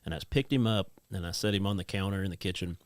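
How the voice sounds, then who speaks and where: A man's voice: sits low, fast talker, no echo. A man in his thirties, a podcast co-host, telling rambling stories about his kids in casual chat. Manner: rambling storyteller, acts out his kids' voices.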